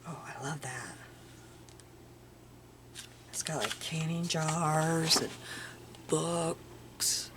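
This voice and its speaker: An older woman chatting casually at home as she shows off her craft finds, musing aloud and sometimes dropping into soft murmurs. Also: sits low, extremely slow, long pauses. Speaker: crafting vlogger. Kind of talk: casual show-and-tell chat. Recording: audible background noise.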